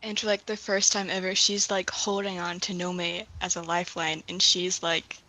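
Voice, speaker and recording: A woman's voice: on the low side, flat delivery, moderate pace, pushed and bright. A woman playing a tabletop role-playing game, chatty and emotional, with lots of fillers and laughter. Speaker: player.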